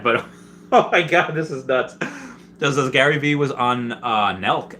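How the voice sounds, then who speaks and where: A man hosting a casual livestream, reading viewer comments and rambling excitedly, with many restarts and jokes. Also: on the low side, a little hiss or hum. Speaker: livestream host reading chat.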